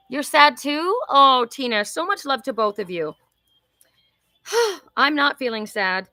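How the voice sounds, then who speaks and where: A woman in her sixties hosts a live oracle card reading and chats effusively with her viewers. Her voice sits a little high and sounds bright and forceful. The recording is dry and close. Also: very animated, a little slow, long pauses, no room sound. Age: 60s. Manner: effusive, chatty, talks to viewers by name. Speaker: host.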